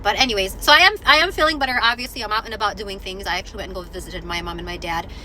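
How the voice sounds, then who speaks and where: A woman's voice: medium pitch, rapid-fire, slight background noise. Congested chatty woman vlogger. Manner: chatty, animated, given to exclamations and asides. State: congested, recovering from illness. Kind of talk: casual vlog chat.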